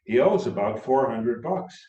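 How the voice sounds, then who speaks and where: A man's voice: medium pitch, animated, measured pace, lightly acted. A man doing a folksy small-town sheriff. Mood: regretful. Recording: roomy, dull sound from far off.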